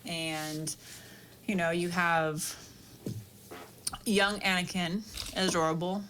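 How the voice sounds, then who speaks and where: Bright-voiced giggly young woman. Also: on the low side, steady tone, takes it slowly, slight background noise. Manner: giggly, teasing. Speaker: podcast co-host. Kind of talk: casual chat.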